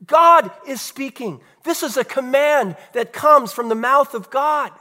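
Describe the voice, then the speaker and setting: A man, a pastor, preaching a sermon earnestly, with rhetorical questions and dramatic pauses. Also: extremely high pitch, bright, forceful tone.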